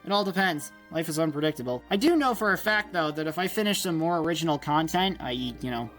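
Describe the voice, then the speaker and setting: A man's voice: on the high side, lively intonation, fast, a bit bright, soft background music. A young man in a casual rambling monologue, enthusiastic, nerdy and self-deprecating. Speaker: YouTuber.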